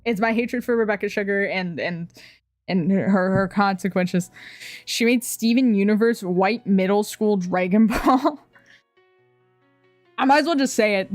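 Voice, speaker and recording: A woman's voice: medium pitch, no echo. A young woman streamer chatting casually with her viewers, ranting bluntly, swearing often and laughing a lot. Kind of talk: casual chat reacting to chat messages.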